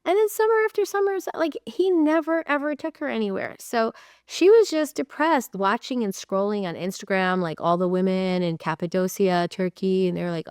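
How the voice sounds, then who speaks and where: A woman's voice: medium pitch, animated, moderate pace, a little mellow, clear, resonant tone, no echo, studio quality. A woman marriage coach giving casual, direct advice to camera in a chatty way, often acting out the voices of the people she describes.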